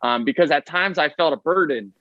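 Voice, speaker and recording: A man, a baseball player, telling stories in casual podcast talk, fast and chatty with many fillers and "right?" tags. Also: on the high side, bright, forceful tone, no room sound, highs cut off.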